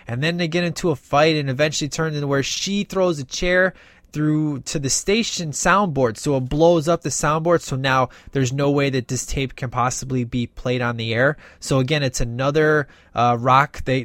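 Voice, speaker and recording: A movie reviewer with a mid-range voice casually recaps a film's plot at normal speed, recorded at studio quality with no room sound. He's animated, acting out the characters' lines and using plenty of fillers.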